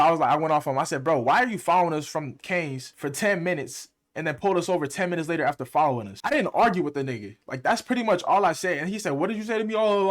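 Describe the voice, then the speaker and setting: A young man, a music producer and streamer, telling a story in a fast, heated, slang-heavy way. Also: on the high side, a bit bright. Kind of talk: casual storytime.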